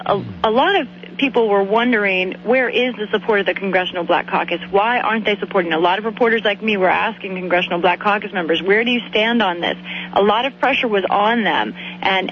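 A woman reporter explaining political news in a measured way during a radio interview. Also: mid-range voice. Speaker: congressional reporter. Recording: dull lo-fi radio audio with faint hum.

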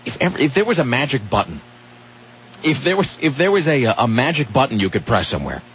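A man's voice: medium pitch, sing-song, fairly quick, fairly bright tone, muffled recording, a little hiss or hum. A man hosting a comedic talk radio show, rambling and sarcastic, often cutting himself off mid-sentence. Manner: sarcastic, rambling, self-interrupting.

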